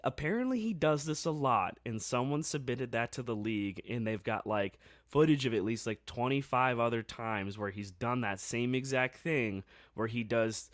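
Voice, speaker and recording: A man co-hosting a sports podcast, telling a game story in a casual, excitable way with lots of fillers. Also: medium pitch, moderate pace, hardly any pauses, dry recording, studio quality.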